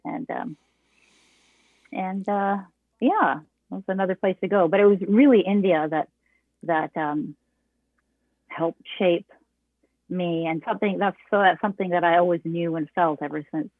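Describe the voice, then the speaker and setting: An older woman with a fairly low voice talks in a relaxed, rambling way, often restarting her sentences. She comes through a thin phone-like line. The sound is dry, with no room around it. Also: measured pace, pauses often, no echo. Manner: rambling, many restarts and laughs, reflective. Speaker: guest songwriter and author. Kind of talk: casual interview chat.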